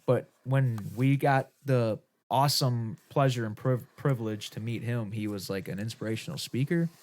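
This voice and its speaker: A man's voice: mid-range voice, moderate pace, darkish tone. A man hosting a podcast, telling a rambling, profanity-laced story in casual chat. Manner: rambling, profane, laughing often. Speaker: podcast host.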